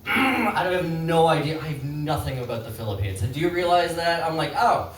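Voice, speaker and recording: A man doing a stand-up set in a pub, rambling and halting in a self-deprecating way. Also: on the high side. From Canada. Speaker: stand-up comedian. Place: pub comedy stage. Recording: roomy pub, distant mic, crowd laughter. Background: audience laughter.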